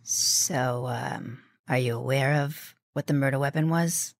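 A woman improvising as an interrogator, asking slow, probing questions. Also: extremely low pitch, creaky, no room sound, studio quality. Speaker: improv player.

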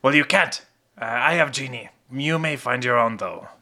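A man voicing an excitable little kobold adventurer who speaks in a grand, formal way. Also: mid-range voice. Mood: earnest. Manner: slow, grandly formal speech.

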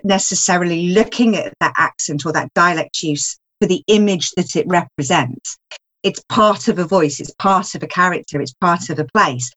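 A woman writer, a guest in a casual discussion, thinking aloud in a reflective way with many asides. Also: lowish voice. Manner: reflective, thinks aloud, frequent "you know".

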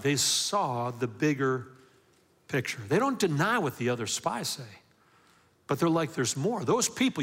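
Emphatic male pastor preaching in a reverberant hall. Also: fairly high pitch. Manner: emphatic, call-and-response questions, swings from loud to hushed. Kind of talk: sermon.

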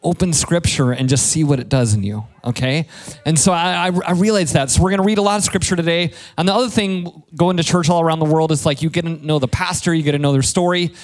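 A man, a pastor preaching a sermon in a relaxed, joking, storytelling way. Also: fairly high pitch, fast. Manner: conversational, playful storytelling with self-deprecating jokes.

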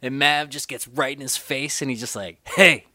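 A man co-hosting a podcast, chatting casually about a film and acting out scenes with quick impressions. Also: mid-range voice, no echo, studio quality. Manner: animated, acts out movie scenes in quick impressions. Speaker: podcast co-host.

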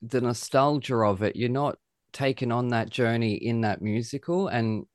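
An Australian-accented man hosts a casual podcast, talking at length in a loose, rambling way with self-deprecating asides. His voice sits at a middling pitch and is recorded close and dry, with no room sound. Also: moderate pace, no echo. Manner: chatty, rambling and self-mocking. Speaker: podcast host. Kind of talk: casual chat.

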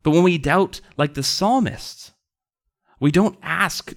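A man delivers a sermon with earnest conviction, his voice pitched slightly high. He drives his points home by repeating rhetorical questions and rising in emphasis as he goes. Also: slow. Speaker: preacher.

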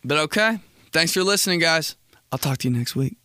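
A young man hosting a casual solo comedy podcast, rambling and swearing through stories with quick impressions. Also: a little high, expressive, sharp tone, dry recording. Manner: rambling, profane storytelling with impressions. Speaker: podcast host.

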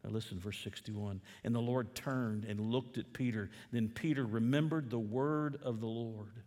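A male pastor preaches a sermon, reading scripture and asking the listeners questions, getting loud and then dropping low and quiet. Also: fairly even intonation, normal speed. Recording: long reverb of a church hall.

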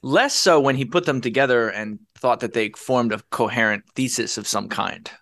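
A man's voice: mid-range voice, moderate pace, a bit bright, no room sound. A man co-hosting a podcast in casual banter, with dry, wry humor. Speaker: podcast co-host.

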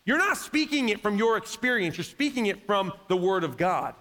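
A man's voice: sits high, sing-song, moderate pace, hardly any pauses, pushed and bright. Preaching man in a reverberant hall. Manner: conversational preaching, acts out quoted voices, rising to emphatic peaks. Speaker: pastor. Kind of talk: sermon. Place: church sanctuary. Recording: long reverb of a large hall.

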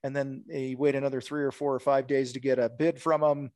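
A man's voice: mid-range voice, level tone, brisk, darkish tone, no echo. A man coaching contractors on sales in casual podcast talk, blunt and direct, acting out sales calls.

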